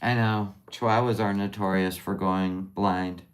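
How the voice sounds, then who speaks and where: A woman's voice: extremely low pitch, steady tone, unhurried. A middle-aged woman hosting a casual livestream. She talks tenderly and openly emotionally, rambling and trailing off mid-sentence. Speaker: livestream host.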